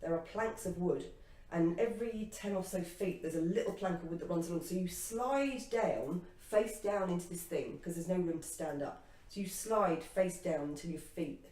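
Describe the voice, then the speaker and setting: A woman with a slightly low voice tells a personal story in a casual chat, acting out her own past reactions with laughter. She sounds set back from the mic in an echoey room. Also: normal speed, dark tone, distant mic. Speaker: co-host.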